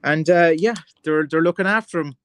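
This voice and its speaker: A man with an Irish accent hosting a livestream, ranting in a rambling, excitable way, full of "like" and "you know" and calling people "man" and "lads". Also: a little high, fairly quick, clean tone, no echo. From Ireland. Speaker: livestream host. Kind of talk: casual rant on a livestream.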